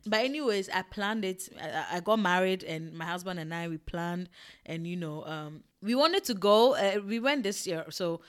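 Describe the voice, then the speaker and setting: A young woman from Ghana with a Ghanaian accent telling a personal story in an emotional, expressive way, swinging between hushed and loud. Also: fairly low pitch, moderate pace, clear, resonant tone.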